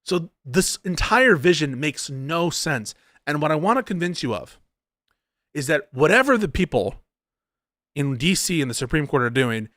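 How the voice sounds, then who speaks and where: A man talking through casual political commentary in an emphatic, argumentative way, often stopping to ask "right?" and restarting his sentences. His voice sits at a middle pitch. The recording is dry and close. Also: pushed and bright, no room sound.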